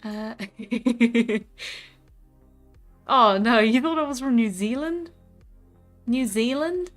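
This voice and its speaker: A woman's voice: fairly high pitch, slow pace. Giggly young woman chatting on stream. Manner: giggly, chatty, frequent laughter and restarts. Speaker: livestreamer and artist. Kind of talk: casual live-stream chat while drawing. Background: faint background music.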